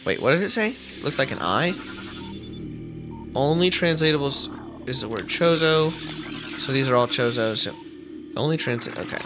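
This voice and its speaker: Excitable, lively-pitched man playing a game. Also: moderate pace, pauses often. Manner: excitable, joking, swears often. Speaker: let's play host. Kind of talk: gameplay commentary. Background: game music.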